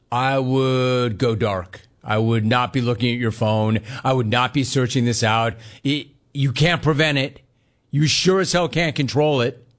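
A man's voice: mid-range voice, fairly bright tone. A middle-aged man hosting a sports talk radio show, delivering an emphatic, punchy monologue full of repetition.

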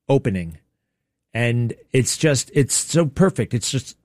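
A man's voice: mid-range voice, a little mellow, no echo, studio quality. A man hosting a talk radio show, giving opinionated political commentary in an emphatic, sarcastic way. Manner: emphatic and sarcastic, mocking impressions.

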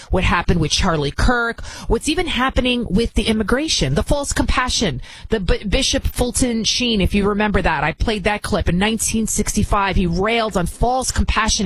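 Indignant woman host, husky and dry. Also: mid-range voice, no echo, rough recording. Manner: indignant, repeats words when heated. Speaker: commentary show host. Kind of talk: opinion commentary.

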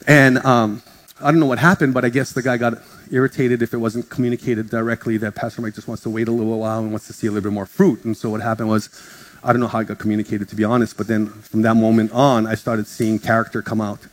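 A pastor preaches a sermon to his congregation in church, telling stories casually, joking with them, and acting out other people's voices. He talks fast in a lowish voice with little pitch movement, and music plays under his speech.

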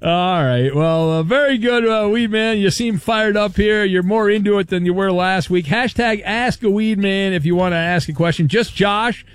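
Radio host, male, high voice, brisk teasing delivery, faint music under. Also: clean tone, dry recording. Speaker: radio sports talk host. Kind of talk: casual radio show hosting.

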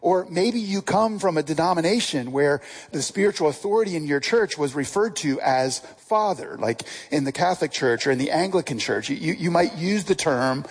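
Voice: mid-range voice, lively intonation, normal speed, few pauses, slightly rough, low-quality recording. A preacher giving a conversational sermon in a casual way, often asking the listeners direct questions.

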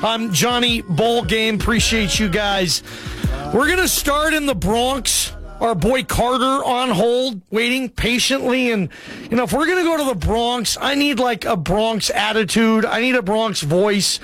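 A man's voice: very high-pitched, unhurried, fairly bright tone, soft background music. A man hosting a sports talk radio show, loose and joking as he takes callers. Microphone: studio microphone.

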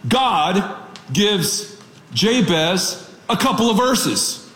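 A man preaching a radio sermon as a pastor, telling stories in an animated, joking way. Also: high-pitched, extremely slow, roomy sound.

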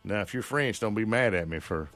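Low-voiced radio guy rambling folksy style, lots of uh's, faint music under him. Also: expressive, fairly quick, fairly bright tone. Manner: folksy, rambling, with many fillers and restarts. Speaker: radio show host. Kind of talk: casual local radio chat. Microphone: studio microphone.

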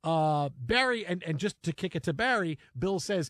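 High-pitched radio guy telling a story, dry studio mic, laughs a lot. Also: moderate pace, no room sound. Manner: animated, laughing anecdote teller. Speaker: sports radio host. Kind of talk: casual storytelling chat. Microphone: studio microphone.

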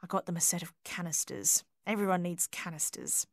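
A woman's voice: mid-range voice, animated, fairly quick, fairly bright tone, no echo, studio quality, natural voice. A woman voicing a cheerful, confiding woman guest at a party. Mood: breezy. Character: cheerful dressed-up middle-aged woman guest.

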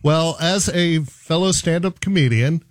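A man's voice: a little high, measured pace, dry recording, studio quality. A man, a stand-up comedian, teasing a guest in playful banter. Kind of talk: casual chat.

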